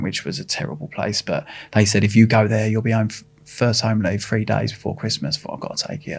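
A man's voice: lowish voice, creaky, a little mellow. A middle-aged man with an Essex accent, telling his story bluntly in an interview, swearing casually and restarting his sentences. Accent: Essex English. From England. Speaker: interview guest.

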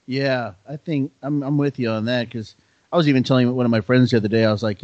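A man in a casual podcast chat, telling stories in a relaxed, laid-back way. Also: mid-range voice, quick pace. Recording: slightly dull, dry sound.

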